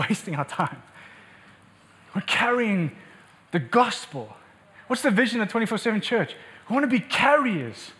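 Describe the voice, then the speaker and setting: High-voiced man preaching with passion. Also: fairly bright tone. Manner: impassioned, emphatic, repeats words for force. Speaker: pastor. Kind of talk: sermon. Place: church meeting room.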